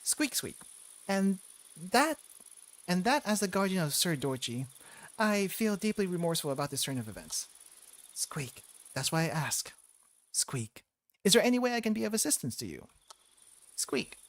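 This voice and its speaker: A man doing a formal squeaking mouse count. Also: big pitch swings, moderate pace, pauses often. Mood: solemn. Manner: stiff old-fashioned formal speech punctuated by squeaks. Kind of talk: reading game dialogue aloud in character.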